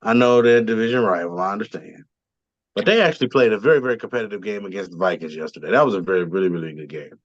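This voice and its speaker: A man's voice: lowish voice, expressive, quick pace, no echo, lo-fi sound. A man co-hosting a casual sports podcast, rambling with frequent ums and restarts. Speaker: podcast co-host.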